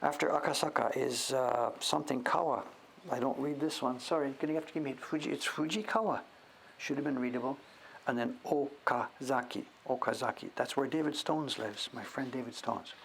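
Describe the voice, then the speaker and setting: A man hosting a casual show-and-tell, thinking aloud as he sounds out names, sometimes dropping to a whisper and breaking into excited praise. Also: medium pitch, moderate pace, creaky, a little hiss or hum. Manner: drops to whispers now and then. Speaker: host.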